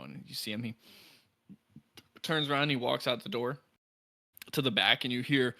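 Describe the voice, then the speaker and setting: A man's voice: mid-range voice, normal speed, vocal fry, pauses often, bright, forceful tone. A man narrating as game master of a tabletop game, playful and often laughing as he describes scenes.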